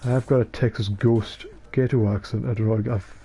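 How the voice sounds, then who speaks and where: A young Scottish man talks over an online match in a low, gravelly voice, sounding tired. He rambles through stories, jokes and swears freely. Steady background noise sits under his game-stream recording. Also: moderate pace. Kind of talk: casual chat while gaming.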